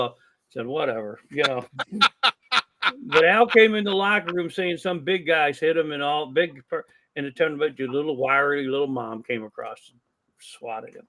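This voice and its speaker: A man's voice: fairly high pitch, moderate pace. An older man, a longtime wrestling promoter, telling anecdotes on a podcast and acting out the dialogue as he goes. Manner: animated storyteller who acts out quoted dialogue. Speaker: guest, longtime wrestling promoter and ring announcer. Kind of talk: casual podcast storytelling.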